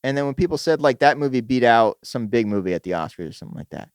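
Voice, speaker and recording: Lively, fast-talking young man chatting. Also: medium pitch, smooth, no echo, clean studio sound. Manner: animated, jokey, acts out movie scenes. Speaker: podcast co-host. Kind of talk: casual chat.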